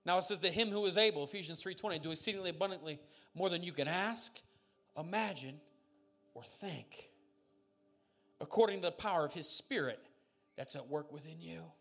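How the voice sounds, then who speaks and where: A man preaching with a high, bright-pitched voice, his delivery swinging from quiet asides to loud, fervent declarations. He is a pastor who tells stories from the pulpit and laughs along with them. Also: quick pace, soft background music. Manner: emphatic, rising to fervent declarations; jokes and laughs while telling stories. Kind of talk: sermon.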